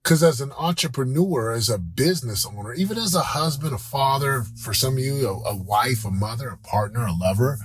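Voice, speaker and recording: A husky-voiced man in his forties, talking earnestly and telling stories. He builds into a loud, coach-style pep talk. The sound is dry and close, with a mid-range pitch. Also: expressive, brisk, hardly any pauses, no echo. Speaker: podcast host. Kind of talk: motivational talk.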